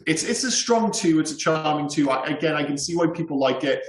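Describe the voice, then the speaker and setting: A man co-hosting a casual film podcast, animated and quick to swear and laugh. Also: on the high side. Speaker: podcast co-host. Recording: roomy echo.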